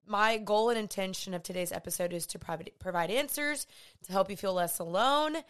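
A woman's voice: mid-range voice, fairly quick, clean tone. A woman, hosting a podcast in a chatty, earnest way. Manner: chatty, earnest, uses y'all and like. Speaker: podcast host. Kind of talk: casual podcast talk.

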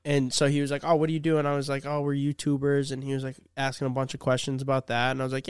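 A man's voice: medium pitch, flat delivery, fast talker, smooth, no room sound, clean studio sound. A young man telling a story in casual podcast chat, laid-back and acting out the quotes. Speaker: YouTuber.

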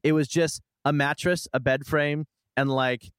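A man casually telling a long personal story as a guest, chatty and animated, acting out what people said. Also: on the high side, unhurried, smooth, no room sound. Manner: chatty, animated retelling with quoted asides. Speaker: podcast guest.

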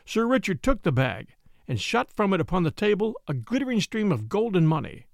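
A man narrating a classic adventure tale in a dramatic, expressive storybook reading. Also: sits high, brisk, gravelly, no echo, studio quality.

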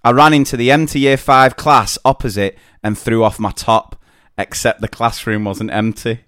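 Co-host: British man, smooth clear voice, dry close sound, expressive reading. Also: medium pitch, normal speed, no echo. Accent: British English. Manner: reads stories out steadily, then jokes. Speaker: podcast co-host. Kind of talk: casual chat, reading listener stories.

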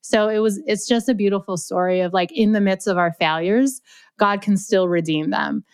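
A young adult woman as a podcast guest, chatting and telling stories in a lively way, with lots of "like" fillers. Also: mid-range voice, moderate pace, smooth, dry recording. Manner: chatty, animated, heavy use of "like". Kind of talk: casual storytelling interview.

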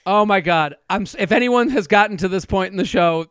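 A man's voice: high voice, brisk, a bit bright, clear, resonant tone, no echo, studio quality. A man who is a comedian guest, telling casual stories in a rambling, self-interrupting way and laughing often. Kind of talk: casual storytelling.

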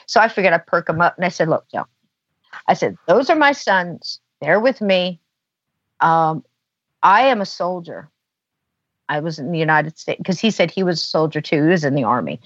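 A woman's voice: lowish voice, no echo. Woman, casual storyteller, dry lo-fi sound, filler-heavy chat. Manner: chatty, lots of filler "you know". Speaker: podcast guest.

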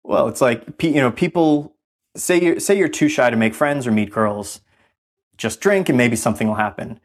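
A man's voice: medium pitch, lively intonation, normal speed. A man speaking as a podcast guest in a casual conversation, earnest and reflective, with many fillers.

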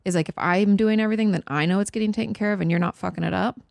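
A woman's voice: mid-range voice, steady tone, very fast, creaky, a little mellow, no echo. A woman in her thirties, a therapist guesting on a podcast, talking frankly and casually with some swearing. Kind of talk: casual chat.

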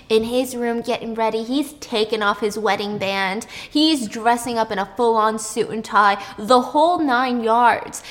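A woman's voice: on the high side, bright, forceful tone. A woman casually retelling a film's plot with joking asides. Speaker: movie recap narrator.

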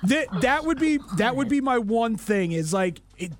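A man on a sports show panel talking in casual chat, sarcastic and a bit halting. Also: very high voice, sing-song, a little hiss or hum.

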